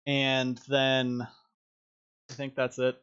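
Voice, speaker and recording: A man's voice: medium pitch, monotone, slow pace, fairly bright tone, clean tone. A man hosts a casual online stream through a headset, laughing often as he rambles along. His voice sits mid-range and comes through dull and lo-fi, like voice chat. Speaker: stream host.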